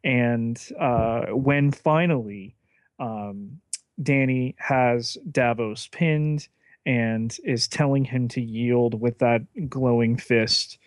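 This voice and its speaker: A man co-hosting a podcast, breaking down an episode in a measured, analytical way and weighing the characters' motives and stakes. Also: medium pitch, no echo. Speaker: podcast co-host. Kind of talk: casual episode recap.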